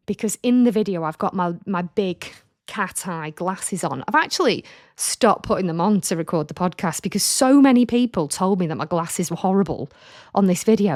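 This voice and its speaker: A woman's voice: medium pitch, moderate pace, darkish tone, no room sound, clean studio sound. Sweary woman podcast host. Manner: frank, sweary and jokey. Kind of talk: casual chat reading out comments.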